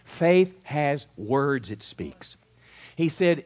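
A male pastor preaching a sermon emphatically, moving between loud declarations and quieter asides. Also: mid-range voice, expressive, moderate pace.

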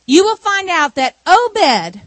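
A woman preacher delivering a sermon through an animated, conversational retelling of a story. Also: very high-pitched, slow pace, no room sound.

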